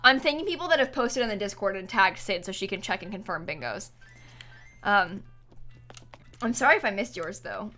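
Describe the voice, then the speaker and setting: With music playing in the background, a young woman streams a game and chats casually, thanking viewers by name from chat. Her mid-range voice is expressive with a sharp tone, and she moves at a moderate pace with long pauses.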